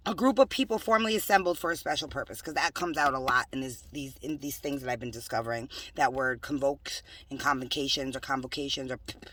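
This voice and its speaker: A woman giving a rambling religious monologue, drifting between soft whispers and loud scolding, slowly reading definitions aloud. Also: a bass voice, far from the mic. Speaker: self-styled prophet vlogger.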